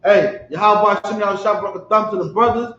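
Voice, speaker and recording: Speaking fairly quickly in a high, fairly bright voice, this man delivers street-style religious preaching. He leans on emphatic rhetorical questions and repeatedly checks whether his audience understands, all in an echoey, lo-fi room recording.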